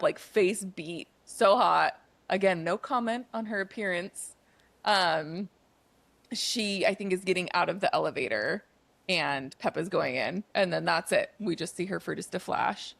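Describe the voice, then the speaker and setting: A young woman co-hosts a podcast, running through a film's plot in a loose, chatty way. Her voice has a gravelly, fry-heavy edge at a middling pitch. She leans on "like" as she talks. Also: fairly bright tone, no room sound. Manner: chatty, lots of "like" fillers. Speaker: podcast co-host. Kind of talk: casual chat recapping a film.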